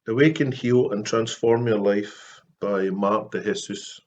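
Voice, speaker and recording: A Scottish man talking earnestly and softly to camera in a casual, heartfelt vlog, pausing often. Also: on the low side, fairly even intonation, dull audio. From Scotland. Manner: soft-spoken and earnest, with frequent pauses and fillers. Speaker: Christian artist vlogger.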